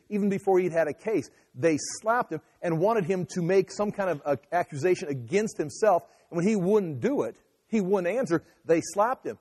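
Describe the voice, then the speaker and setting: A man's voice: sits high, lively intonation, moderate pace, hardly any pauses, a little mellow, in a large hall. A man giving an emphatic sermon, often restarting and repeating phrases as he teaches. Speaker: pastor.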